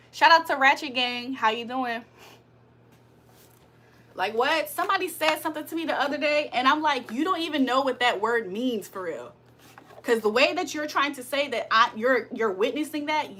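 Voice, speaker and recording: A woman with a high, bright voice chats on a livestream. She hosts spiritual card readings but talks bluntly, swears freely and vents her annoyance at her audience. Her delivery is loose and unscripted. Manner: blunt, profane, annoyed venting with frequent laughs. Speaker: spiritual reader and livestream host. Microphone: streaming setup.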